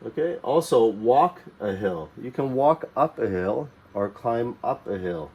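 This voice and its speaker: A man's voice: mid-range voice, animated, unhurried, few pauses, muffled recording. A man teaching a geography lesson to young learners, repeating key words and checking understanding with frequent "okay" and "right?".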